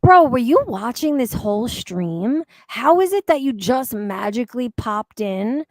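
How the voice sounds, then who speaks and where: A woman's voice: on the high side, very animated, measured pace, a little mellow, no echo, clean studio sound. A woman hosting a casual livestream, blunt and heated, swearing freely as she talks. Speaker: livestream host.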